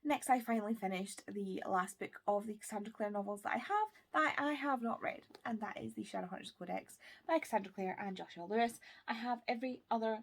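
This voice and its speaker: A woman's voice: fairly high pitch, brisk, vocal fry, hardly any pauses. Chatty enthusiastic woman book vlogger. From United Kingdom. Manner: enthusiastic, chatty, drops into whispers. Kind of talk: casual book wrap-up talk.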